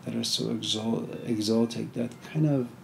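A man's voice: medium pitch, fairly even intonation, moderate pace, gravelly, a little hiss or hum. A man giving an informal philosophy lecture, talking conversationally with many "you know"s and story asides.

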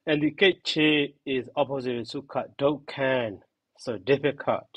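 A man teaching a grammar lesson, repeating each term slowly and giving its meaning. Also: medium pitch, a bit bright, no room sound. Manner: slow, repeats terms and glosses them.

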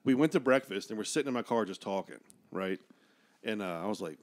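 A man's voice: on the low side, quick pace. A man with a West Virginian accent telling a comedy story in casual chat, cursing freely and acting out the voices of people in it. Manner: animated, profane, acts out voices in his stories. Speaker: stand-up comedian guest.

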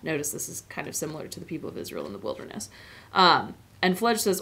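Woman teacher, low-ish voice, chatty lecture full of asides and fillers. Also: huge pitch swings, fast talker, vocal fry, sharp tone. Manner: chatty, discursive, many fillers. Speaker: literature teacher. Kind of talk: informal lecture on a novel.

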